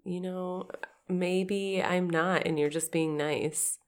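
Woman co-host, deep for a woman, sing-songy and giggly, casual banter. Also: fairly even intonation, slow, smooth. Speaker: podcast co-host. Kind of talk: casual chat.

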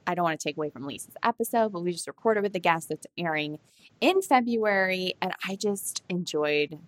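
Giggly woman cohosting a podcast, rambly chatty, kinda low voice, super dry close sound. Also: lively intonation, brisk, dry recording. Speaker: podcast co-host. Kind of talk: casual chat.

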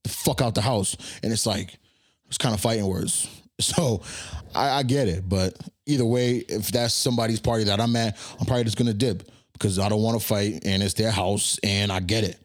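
A man in his twenties hosting a podcast, telling a party story in a casual, animated way and acting out his own lines. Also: on the low side, a little fast. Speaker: podcast host.

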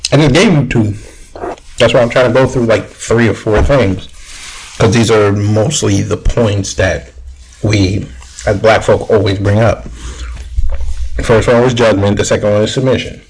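Male host in a casual argument, low-ish voice, keeps restarting. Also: steady tone, normal speed, long pauses, darkish tone, slight background noise, low-quality recording. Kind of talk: casual debate.

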